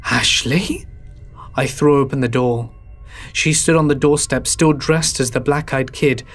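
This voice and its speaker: A man narrates a scripted horror tale in a measured, somber delivery. His voice sits in a plain middle range for a man, and he keeps the telling steady. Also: medium pitch, soft background music.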